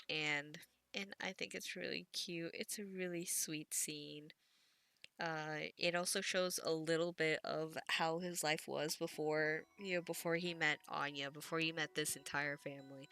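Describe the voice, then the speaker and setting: A woman's voice: sits low, sharp tone. A woman giving a chatty, gushing episode recap, with laughter and casual swearing. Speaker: anime recap vlogger.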